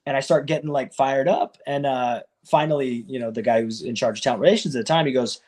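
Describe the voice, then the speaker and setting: A man, a professional wrestler, telling his career story in a casual, animated way and acting out what others said. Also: quick pace. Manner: animated, acts out quoted people with raised pitch; loose and conversational, many fillers like "like" and "you know".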